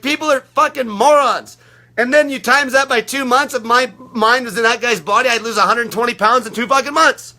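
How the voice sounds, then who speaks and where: A man in his thirties rants at his listeners, swearing nearly every sentence and hammering the same phrases over and over. His voice sits very high and cuts sharply. He sounds like a blunt, aggressive motivator for his own diet group. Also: pushed and bright. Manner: aggressive, profane, repetitive. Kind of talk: profane motivational rant.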